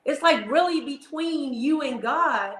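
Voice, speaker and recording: A woman's voice: sits high, animated, a little slow, fairly bright tone, echoey room, poor audio. A woman hosting a faith talk show, speaking in an encouraging, preacherly way. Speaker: host.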